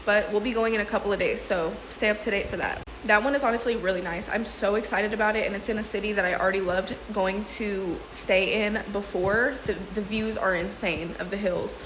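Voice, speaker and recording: Speaking briskly with hardly any pauses, this young female vlogger has a mid-range, slightly bright voice and fairly even intonation. She talks slangily to her viewers, emotional and laughing through tears, tossing out "bro" and "sis" often. The recording has a little hiss or hum, an echoey room and faint ambience.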